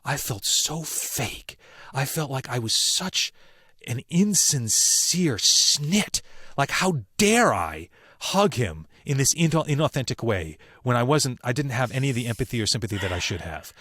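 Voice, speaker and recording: A man who works as a voice actor, telling personal stories as a podcast guest in an earnest, emphatic way with slow, weighty pauses. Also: medium pitch, big pitch swings, fairly bright tone, slightly rough, no echo, clean studio sound. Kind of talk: reflective interview storytelling.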